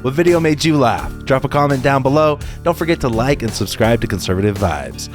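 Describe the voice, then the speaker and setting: A man's voice: medium pitch, animated, a little fast, faint music behind. A man hosting a channel, giving a casual, upbeat sign-off. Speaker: channel host. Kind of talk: video outro.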